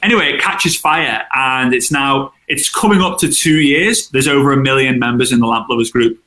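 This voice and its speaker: A man, a guest in an interview, chatting casually and telling animated stories with acted-out quotes. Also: mid-range voice, normal speed. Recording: roomy echo.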